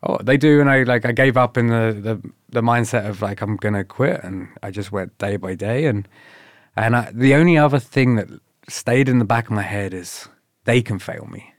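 A man's voice: lowish voice, normal speed, no echo, studio quality. A man telling stories in a casual interview, laughing often and swearing as he acts out what others said to him. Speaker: guest.

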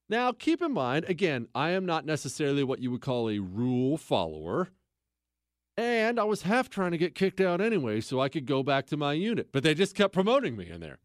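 A man hosting a podcast, telling a story in casual comedic style, animated and sardonic, with self-mocking asides. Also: on the high side, dry recording, studio quality. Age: adult.

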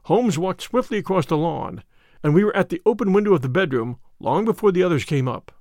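A man giving a measured, expressive scripted narration of an audiobook. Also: high-pitched, no echo, clean studio sound.

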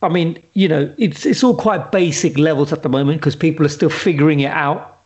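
Male co-host, high voice, animated storyteller, casual chat over a video call. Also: a little fast, breathy edge, dull audio. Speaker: podcast co-host.

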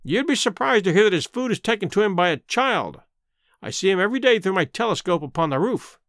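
The man puts on the voice of a spiteful old squire for a storybook, blustering with pompous indignation, yet his mood comes across as confiding. He speaks fast and expressively in a high, fairly bright voice that leaps in pitch, on a dry close mic without room sound.

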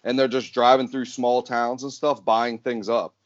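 A man hosts a relaxed podcast conversation at a middle pitch, chiming in with easy agreement. The sound is muffled and lo-fi. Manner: easygoing, lots of quick agreement. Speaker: podcast host. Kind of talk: casual chat. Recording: dull lo-fi recording.

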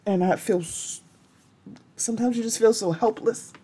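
A woman's voice: on the high side, normal speed, warm tone, breathy edge. A woman hosting a solo podcast, talking in an impassioned, blunt way and not holding back on strong language. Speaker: podcast host.

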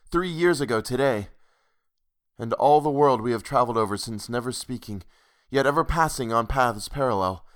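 A man's voice: medium pitch, a bit bright, natural voice. A man reading the part of a weary, haunted man who speaks eagerly and pleadingly to a woman in a ghost story.

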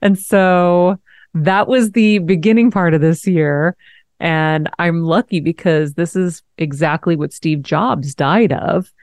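A woman in her forties hosting a podcast, telling a personal story in a frank, animated way, laughing now and then. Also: on the low side, takes it slowly, no room sound, studio quality. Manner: frank, animated, swears and laughs while telling hard news. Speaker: host. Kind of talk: candid conversational storytelling.

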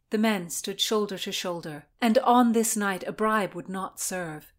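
A woman narrating a historical tale with an even, measured delivery. Between chapters she explains the history behind it in the same calm, clear voice, at a middle pitch. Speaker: narrator and podcast co-host. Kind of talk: storybook narration and historical commentary.

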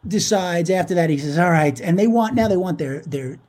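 A man co-hosting a podcast, retelling a business story in animated, profane casual chat. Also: high voice, a little fast. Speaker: podcast co-host.

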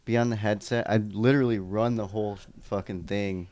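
A man's voice: on the low side, steady tone, brisk, a little mellow, no echo. A young man co-hosting a casual podcast chat, laid-back and swearing in loose banter. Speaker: podcast co-host.

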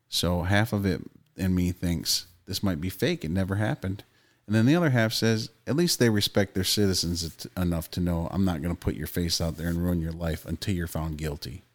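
Low-voiced podcast guy, casual, swears a lot, opinionated. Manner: loose, profane, opinionated. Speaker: podcast co-host.

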